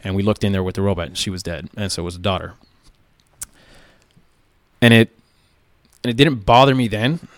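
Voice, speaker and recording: This low-voiced man, a police tactical officer, speaks at a normal speed but leaves long pauses, and the recording is dry. His account is casual and plain, full of "like" and "right?", with the odd curse thrown in.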